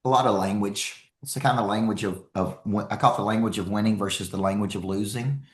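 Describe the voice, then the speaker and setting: A man giving an energetic, emphatic live motivational talk as a speaker and coach, repeating key lines for effect. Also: lowish voice, fast talker, reverberant.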